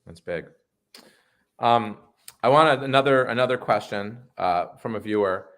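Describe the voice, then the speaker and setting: A man, a rabbi interviewing an author, asking questions in slow, deliberate phrases with brief restarts. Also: lowish voice, fairly bright tone.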